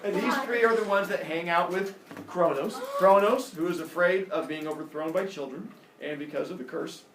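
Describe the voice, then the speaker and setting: A man's voice: high voice, normal speed, background noise. A male teacher in a classroom, playfully quizzing students and retelling a story. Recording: roomy echo, mic far off.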